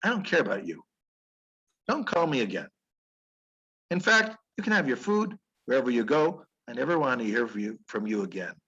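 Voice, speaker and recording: A man's voice: mid-range voice, big pitch swings, moderate pace, sharp tone, breathy edge, muffled recording, full character voice. A man voicing God as a stern but caring deity who lectures and admonishes in an emphatic, repetitive way. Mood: cold, dismissive. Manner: emphatic, scolding, pleading repetition. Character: God, stern yet caring, speaking to humans.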